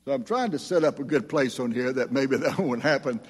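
A man's voice: medium pitch, a little fast, husky, big-room sound. An older man preaching a sermon as pastor, earnest and emphatic as he reads scripture.

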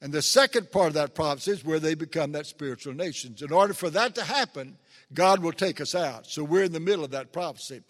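Male preacher, somewhat high voice, earnest delivery with emphatic peaks, long hall reverb. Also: expressive, fast talker. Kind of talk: sermon.

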